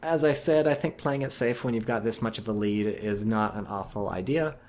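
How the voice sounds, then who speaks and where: Low-voiced man commentating a strategy game. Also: a little fast, a little mellow, a little hiss or hum. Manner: analytical, profane, wry. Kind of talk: casual replay commentary. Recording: game music and gunfire behind.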